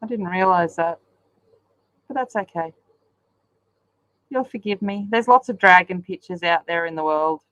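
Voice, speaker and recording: While colouring on a live stream, this woman rambles in easygoing chat full of ums. Her voice sits on the low side, a little slow with frequent pauses and a slightly bright tone, recorded with no echo but low quality.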